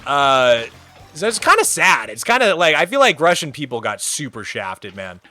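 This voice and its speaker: Animated, high-pitched rambling streamer man. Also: moderate pace, faint music behind. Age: 30s. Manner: rambling, animated, full of "like" fillers. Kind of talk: casual chat on a live game stream.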